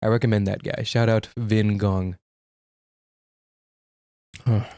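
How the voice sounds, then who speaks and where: A man's voice: lowish voice, flat delivery, warm tone, dry recording. Frank young man, dry close sound. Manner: frank, profane, with quick restarts. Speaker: streamer. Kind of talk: casual chat.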